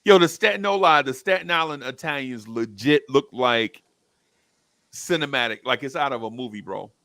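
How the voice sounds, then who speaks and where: A man hosting a casual live stream, reading viewer comments and telling stories in a slangy, laughing, animated way. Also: mid-range voice, normal speed, dry recording.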